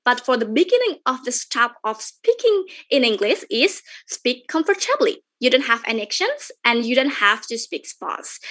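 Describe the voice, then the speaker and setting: A young Indonesian woman with an Indonesian accent speaks in a fairly high, bright voice. She's giving an informal webinar talk, chatty and repetitive, packed with fillers and phrases she says again and again.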